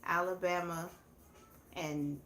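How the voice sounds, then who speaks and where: A southern US woman runs a laid-back live chat, laughing frequently and talking casually with viewers. She speaks slowly in a fairly low, steady, somewhat bright voice. Echo and faint background noise are audible.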